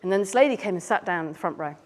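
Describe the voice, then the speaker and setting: A woman's voice: lowish voice, animated, rapid-fire. Bubbly British woman in a reverberant hall. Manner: playful, chatty, bubbly. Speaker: clown and speaker. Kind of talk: live talk answering audience questions. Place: large hall at a live event.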